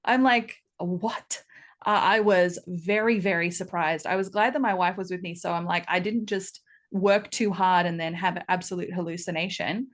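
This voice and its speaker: A woman, a game studio co-founder, chatting in an interview and telling stories with lively acted-out quotes. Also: on the low side, normal speed, few pauses. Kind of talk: casual interview chat.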